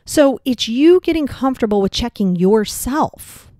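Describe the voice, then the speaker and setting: Hosting a solo motivational podcast, a woman speaks at a measured pace in a mellow voice on the high side with lively intonation. She comes across blunt, casual and direct, using mild swearing and peppering listeners with rhetorical questions. The audio is dry, clean studio sound.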